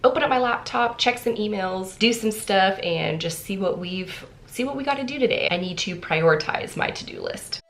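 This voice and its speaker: A woman's voice: medium pitch, animated, normal speed, few pauses, reverberant. A young woman vlogging casually to camera, chatty and upbeat as she talks through her day. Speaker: vlogger and author. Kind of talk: casual vlog talk to camera. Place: home office and outdoors on a walk.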